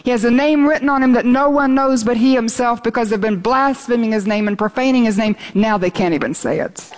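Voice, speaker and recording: A woman's voice: on the high side, brisk. A woman preaching a sermon, earnest and rising to exultant as she reads scripture aloud.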